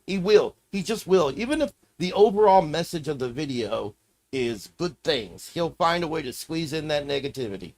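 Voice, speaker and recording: Male streamer, casual profane rant, lively swinging pitch. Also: normal speed. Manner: profane, ranting, muttering to himself while browsing. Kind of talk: casual live-stream commentary.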